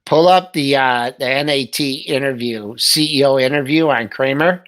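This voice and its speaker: Bright-voiced man chatting about stocks. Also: medium pitch. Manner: joking, quick to laugh, trails off and restarts. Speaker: co-host of a stock trading show. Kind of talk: casual market chat.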